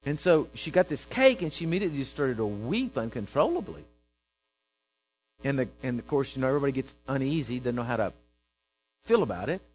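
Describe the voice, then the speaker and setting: A man preaching a sermon, telling a story and acting out its characters with bursts of loud emphasis. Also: mid-range voice, very animated, fairly quick, soft background music, low-quality recording.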